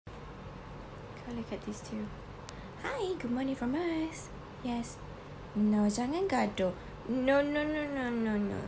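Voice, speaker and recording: A woman softly greeting and gently scolding her pets on a home video. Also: fairly high pitch, expressive, slow, pauses often. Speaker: pet owner. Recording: noisy home phone video.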